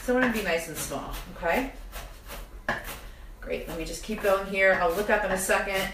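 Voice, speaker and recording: Teary-eyed from chopping onions, a young cooking show host with a mid-range voice chats directly to her viewers at a normal speed, poking fun at herself during a live demo in her home kitchen. She's far from the mic in an echoey room, and it's very noisy, with pots and dishes clattering around her.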